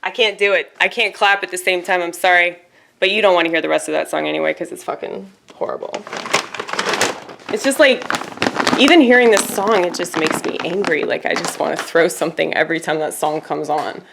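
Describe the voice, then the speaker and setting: A woman chatting casually on her own video channel, rambling and laughing often, her voice swinging from loud asides to quiet murmurs. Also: fairly low pitch, brisk, vocal fry, very noisy. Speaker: YouTuber. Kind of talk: casual vlog chat.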